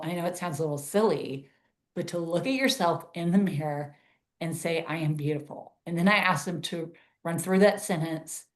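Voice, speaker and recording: A woman over fifty, a stylist guest on a podcast, talking candidly and reflectively with easy laughter. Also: fairly low pitch. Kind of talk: conversational interview.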